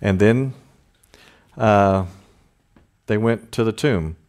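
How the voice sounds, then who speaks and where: A man's voice: fairly low pitch, slow, darkish tone. A man preaching a conversational sermon, with informal asides and chuckles. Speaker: pastor.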